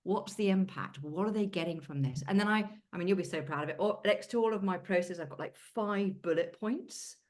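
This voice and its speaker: A British woman with a low voice chats through a coaching session on a video call. She talks loosely and candidly, dropping casual British phrases and the odd swear. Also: fairly quick, few pauses. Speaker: coaching client.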